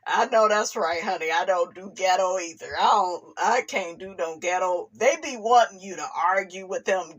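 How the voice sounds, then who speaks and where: A woman hosting a casual gossip commentary vlog. She reads viewer comments aloud and adds sassy, expressive asides, calling her audience "honey" and "child" and laughing often. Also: medium pitch. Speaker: commentary channel host.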